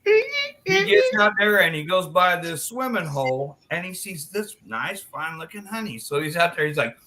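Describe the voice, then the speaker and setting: A man hosting a live chat stream, telling long crude jokes in a loose, animated way. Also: high-pitched, moderate pace, slight background noise. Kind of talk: joke telling in casual chat.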